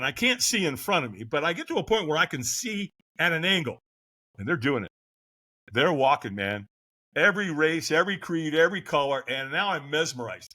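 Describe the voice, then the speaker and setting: A middle-aged man speaks as a guest on a podcast, spinning a personal story with a bright, forward tone. His pitch leaps up and down as he throws himself into the voices of people he describes, chuckling along the way. His voice sits a touch higher than most men's. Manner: lively, acts out voices of others in his story with laughter. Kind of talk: animated storytelling.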